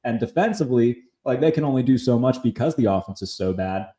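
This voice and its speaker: A man hosting a casual sports talk podcast, chatty, full of fillers and quick asides. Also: mid-range voice, animated, warm tone, roomy sound. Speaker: podcast host.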